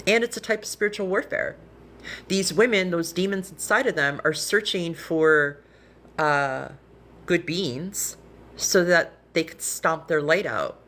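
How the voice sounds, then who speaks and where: A woman's voice: lowish voice, a little slow, a bit bright. A woman speaking earnestly and emotionally on a live stream from her phone, rambling with restarts and close to tears. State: tearful, emotional. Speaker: livestreamer.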